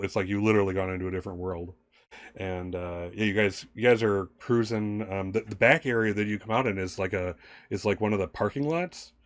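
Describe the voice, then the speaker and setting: Rambling male game master, low voice. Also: no echo. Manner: rambling, many fillers and restarts, laughs often. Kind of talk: narrating a tabletop game.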